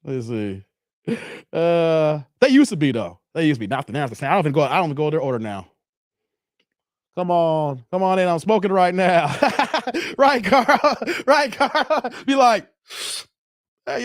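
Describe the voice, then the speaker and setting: A man hosting a casual livestream chat, talking in an animated, slangy, rambling way and laughing often. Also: fairly high pitch, moderate pace, dry recording, studio quality. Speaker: show host.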